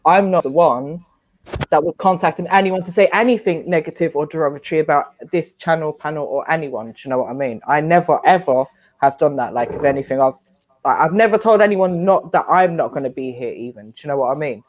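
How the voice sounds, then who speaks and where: A woman's voice: sits low, lively intonation, a little fast, no echo. Earnest Irish woman panelist. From Ireland. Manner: earnest, explains at length with fillers. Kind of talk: casual live panel chat.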